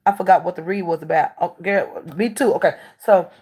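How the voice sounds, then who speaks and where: A woman talk show host telling stories in casual chat, blunt and candid, swinging between animated outbursts and hushed asides. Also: fairly low pitch, fairly quick, husky.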